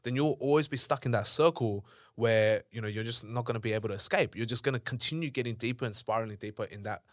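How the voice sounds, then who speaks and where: A man's voice: mid-range voice, fast talker, no room sound, clean studio sound. A young Australian man, an entrepreneur guest on a podcast, telling stories bluntly and emphatically with a lot of swearing. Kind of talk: candid storytelling in conversation.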